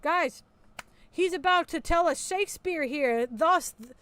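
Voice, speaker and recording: A woman's voice: very high-pitched, a little slow, a bit bright. A woman hosting a commentary video, mocking and sarcastic, swearing a lot as she talks over a recorded call.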